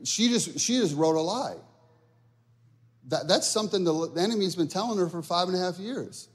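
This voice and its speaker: A man preaching a sermon in church, swinging from quiet talk to shouting and stretching words out. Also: sits high, lively intonation, moderate pace, breathy edge, in a large hall. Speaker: pastor. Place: church sanctuary.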